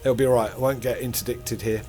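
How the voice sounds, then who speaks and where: Male game streamer, middle-aged, mid-pitched, chatty and self-deprecating, faint background music. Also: fairly even intonation, fast, darkish tone. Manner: rambling, self-deprecating, chuckles to himself. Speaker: gaming channel host. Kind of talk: casual gameplay commentary.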